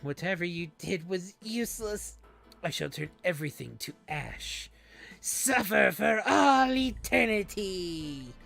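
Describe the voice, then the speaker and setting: A man voicing a possessed demon woman villain in a video game, drawing out slow threats. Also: high voice, lively intonation, creaky, a bit bright, soft background music, pitched above the performer's own voice, full character voice. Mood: menacing. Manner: slow, drawn-out threats with a cackle.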